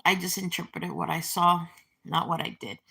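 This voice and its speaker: Gravelly woman in her forties, rambling. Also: lowish voice, steady tone, moderate pace, sharp tone. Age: 40s. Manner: meandering, reminiscing, with many fillers and restarts. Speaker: vlogger. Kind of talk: casual rambling monologue.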